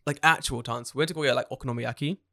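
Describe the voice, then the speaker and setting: A rapid-fire, gravelly man of medium pitch co-hosts a casual podcast, recorded in studio quality with no echo. Living in Japan, he chats and tells animated stories full of swearing, acting out the people he quotes.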